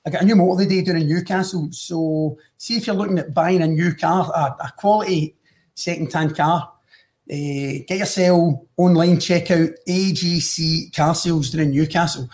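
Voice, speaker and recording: A man's voice: a little high, fairly even intonation, normal speed, a little mellow. A Scottish man co-hosting a football podcast, chatty and jokey, using local words. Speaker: podcast co-host. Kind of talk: casual chat.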